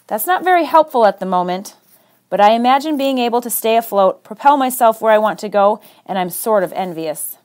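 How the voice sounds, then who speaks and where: High-voiced woman reading a story aloud. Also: expressive, fairly quick, a little mellow. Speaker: reader on a radio book show. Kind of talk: reading a children's novel aloud.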